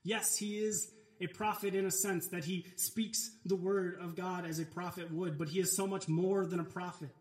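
Guy preaching a sermon, kinda high voice, earnest and emphatic, echoey church room. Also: flat delivery, moderate pace. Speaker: pastor. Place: church sanctuary.

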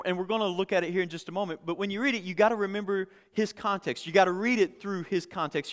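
A man's voice: sits high, fairly bright tone. Man preaching in a reverberant hall. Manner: conversational, repeats words, builds to emphatic peaks. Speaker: pastor. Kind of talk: sermon.

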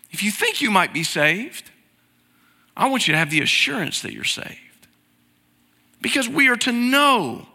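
A man's voice: high-pitched, pushed and bright. A middle-aged man preaching a conversational sermon from a church sanctuary, asking the congregation to repeat after him. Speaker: pastor. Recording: hall reverb.

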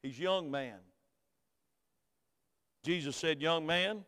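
Middle-aged Southern pastor, folksy preacher, high resonant voice, reverberant church hall. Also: male voice, takes it slowly, clear, resonant tone. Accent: Southern American. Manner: folksy storytelling, swings from quiet to loud emphatic preaching. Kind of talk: sermon.

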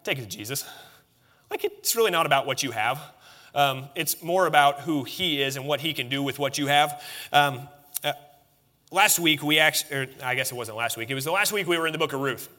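A man in his thirties preaching a relaxed, conversational sermon to his congregation, self-deprecating and full of fillers and restarts. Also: a little high, fairly quick. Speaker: pastor. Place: church sanctuary, seated before the congregation.

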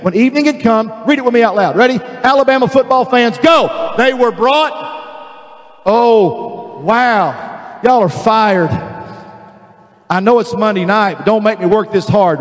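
A man preaching a fervent sermon, calling out to the congregation, repeating words and stretching key phrases slowly. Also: sits high. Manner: repeats words and restarts, drawn-out slow emphasis. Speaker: pastor. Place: large church sanctuary. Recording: long reverb of a large hall.

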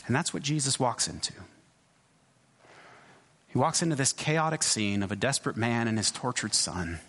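Husky-voiced pastor preaching in a reverberant hall. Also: male voice, mid-range voice, a bit bright. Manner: conversational, halting, many restarts and asides. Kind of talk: sermon.

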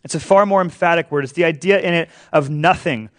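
A man with a slightly higher-than-usual voice delivers a sermon as a pastor. He speaks earnestly, repeating key lines for emphasis and often sinking to a near hush. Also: a little fast.

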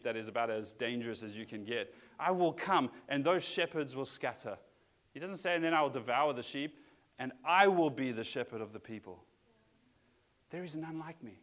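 A man's voice: medium pitch, brisk, a bit bright. A man preaching a sermon as a pastor, talking in an earnest, conversational way with frequent restarts.

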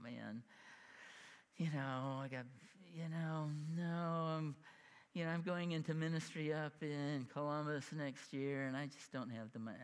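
A preacher in his fifties with a fairly high voice tells a story from the pulpit, acting out each person in it and laughing at his own slips. His voice rings with the long reverb of a church hall. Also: clean tone. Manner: animated, acts out quoted voices, laughs at himself. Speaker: pastor. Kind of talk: sermon storytelling. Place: church sanctuary.

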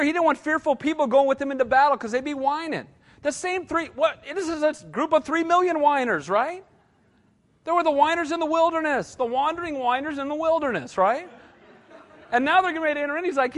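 A man's voice: very high voice, fast. A middle-aged male pastor giving a conversational sermon, repeating short punchy phrases and often checking in with the congregation by asking "right?".

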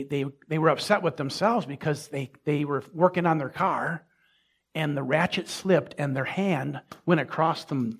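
A pastor delivering a sermon in a conversational way. He asks the congregation questions and builds to emphatic peaks. His voice is husky and sits a little high for a man. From Minnesota. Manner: conversational preaching with rising emphasis and asides to the congregation.

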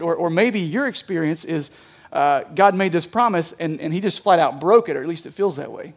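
High-voiced conversational pastor preaching. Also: male voice, lively intonation, fairly quick. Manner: conversational, lots of "like" and "right?". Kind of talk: sermon.

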